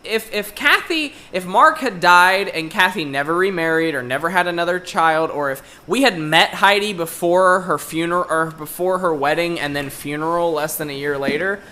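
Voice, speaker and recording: A young podcast co-host with a bright, sharp-edged voice tells a story as a casual rant. He swears constantly and sounds exasperated throughout. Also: a little high, normal speed, hardly any pauses. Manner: profane, exasperated ranting. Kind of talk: casual chat, ranting story.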